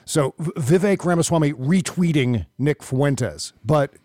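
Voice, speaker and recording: A man's voice: on the high side, animated, measured pace, mellow, dry recording, studio quality. A man hosting a casual political commentary podcast, talking in a wry, conversational way with jokey asides. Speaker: podcast host.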